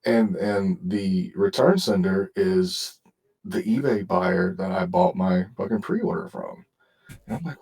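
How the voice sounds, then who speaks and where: A man's voice: deep voice, slow, darkish tone, breathy edge, distant mic, poor audio. A man hosting a podcast, telling a story in casual chat and swearing constantly. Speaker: podcast host.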